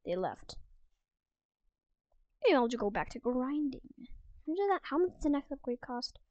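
A woman's voice: high voice, sing-song, moderate pace, darkish tone, no room sound, lo-fi sound. A woman giving casual, self-mocking gameplay commentary from a room at home, often dropping into whispered asides. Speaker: gaming video creator.

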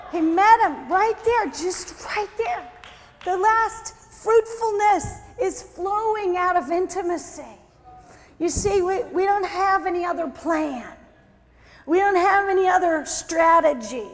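A woman preacher with a very high voice, talking slowly and exuberantly. She shouts exclamations and laughs often. The sermon rings through a large echoing hall with a faint crowd in the background. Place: conference hall.

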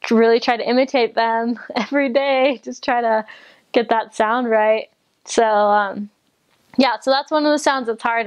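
Young woman, from the United States, casual chat, slightly high voice, giggly, lots of fillers. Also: clean tone, dull audio. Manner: chatty, giggly, many fillers. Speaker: returned missionary.

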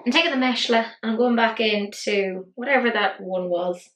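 A woman's voice: on the high side, moderate pace, hardly any pauses, a bit bright. Tired, sweary woman vlogger, roomy echo. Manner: rambling, sweary, self-deprecating. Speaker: beauty vlogger. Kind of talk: casual makeup tutorial chat.

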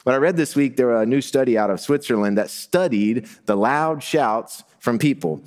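A middle-aged man preaching a sermon in an easygoing, conversational tone. His pitch sits in an ordinary male middle range, and he leans into points with rising emphasis. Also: normal speed, darkish tone. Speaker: pastor.

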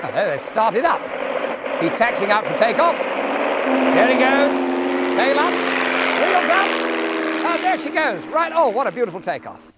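Male host, comic puppet show narration, chatty amused commentary, lively pitch, noisy background. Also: unhurried, pauses often.

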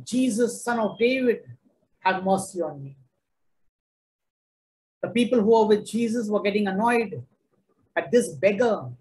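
A man's voice: high-pitched, a little mellow, rough recording. A man preaching a sermon, emphatic and repetitive, driving each point home.

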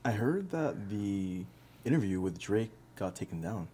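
A young man co-hosting a podcast, easygoing in casual chat with quick reactions. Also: on the low side, sing-song, mellow, slight background noise. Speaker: podcast co-host.

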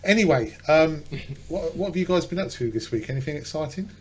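A man's voice: on the high side, lively intonation, a little fast, breathy edge. Jokey British man hosting a podcast. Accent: British English. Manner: jokey, teasing. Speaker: podcast host. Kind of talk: casual chat.

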